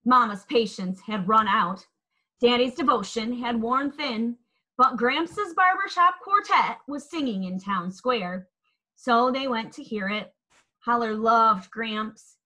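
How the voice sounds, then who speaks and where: Woman reading a kids book slow and sing-songy, bright voice. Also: on the high side, low-quality recording. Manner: expressive, lilting storytelling. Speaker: storyteller. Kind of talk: children's picture book read-aloud.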